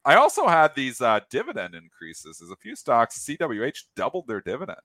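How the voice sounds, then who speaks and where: A man co-hosting a market show who chats about trades in a lively, swinging voice. He talks in trader jargon. The sound is dry and close. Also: mid-range voice, a little fast, no echo. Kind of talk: casual trading chat.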